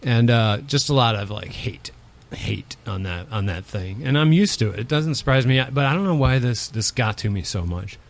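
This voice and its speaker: A man co-hosting a podcast, chatting in a relaxed way and telling his own stories. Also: mid-range voice, normal speed, vocal fry, hardly any pauses. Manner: relaxed, laughs often, asks short questions. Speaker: podcast co-host. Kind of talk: casual chat.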